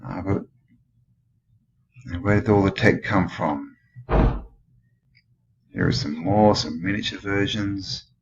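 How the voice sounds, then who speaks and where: Australian male host, deep register, rambling musing commentary, muffled lo-fi audio. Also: slow pace, pauses often, slight background noise. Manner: rambling, musing, full of questions. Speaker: channel host. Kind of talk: casual commentary over old photos.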